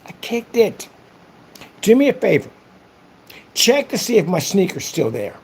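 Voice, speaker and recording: Boastful animated young man. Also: sits high, measured pace, husky. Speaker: vlogger. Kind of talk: casual trash-talk monologue.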